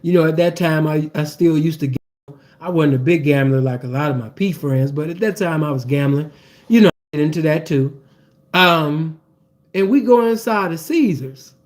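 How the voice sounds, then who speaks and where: A man with a high-pitched voice tells a profane personal story in loose, casual talk. He keeps it animated and peppers it with fillers as he goes. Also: moderate pace.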